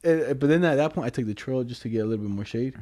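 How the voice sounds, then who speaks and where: A man's voice: medium pitch, racing, darkish tone. A young man telling a story in casual chat, full of slang and fillers, laughing often.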